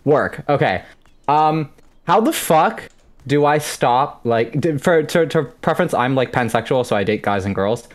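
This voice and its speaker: A man's voice: medium pitch, lively intonation, a little slow. A man in his late twenties calling in for relationship advice, rambling and stammering, with plenty of swearing. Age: 20s. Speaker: caller. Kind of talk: call-in on a stream.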